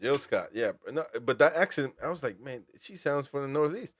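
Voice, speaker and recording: A man's voice: medium pitch, animated, a little fast, dry recording, clean studio sound. A man hosting casual football talk, rambling with restarts and throwing in "man". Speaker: host.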